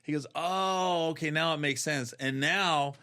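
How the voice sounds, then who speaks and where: A man's voice: fairly high pitch, unhurried, sharp tone, smooth. A man, a comedian, telling a story in a casual chat and acting out the voices of the people in it.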